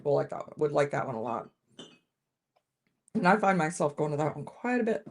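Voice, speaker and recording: A woman with a slightly low voice chats through a live whiskey tasting from home. She talks casually to her viewers and often trips over the start of her sentences. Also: very animated, a little fast, darkish tone. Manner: chatty, restarts sentences often, greets viewers. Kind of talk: casual live-stream chat.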